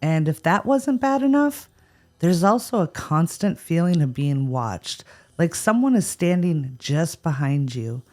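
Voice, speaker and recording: A woman with a slightly low voice that swoops and jumps with animated energy co-hosts a scripted ghost-story podcast. She answers the spooky tales with wry, sarcastic quips. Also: a little slow. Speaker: podcast co-host. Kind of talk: scripted paranormal podcast chat.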